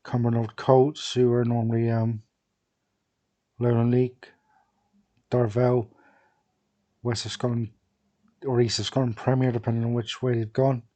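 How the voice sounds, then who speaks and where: Mellow-voiced man musing over a game. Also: mid-range voice, flat delivery, unhurried, long pauses. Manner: rambling, thinking aloud with many fillers. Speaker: gaming video creator. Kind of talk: casual commentary over a football management game.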